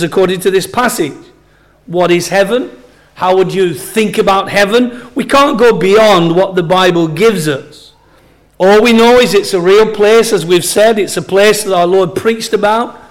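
A man preaching a sermon as pastor, stressing and repeating key phrases slowly. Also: high voice.

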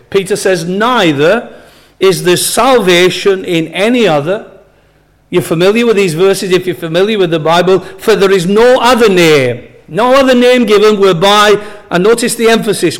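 A man preaching a sermon as pastor, stressing and repeating key phrases slowly. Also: high voice.

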